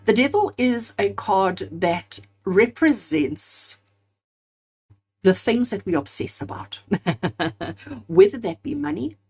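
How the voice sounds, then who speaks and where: Husky-voiced woman giving a tarot reading. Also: medium pitch, big pitch swings, takes it slowly, long pauses, a little mellow. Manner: earnest, repeats phrases in emphatic lists; addresses viewers directly as friends. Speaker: tarot card reader. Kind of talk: spoken tarot reading to camera.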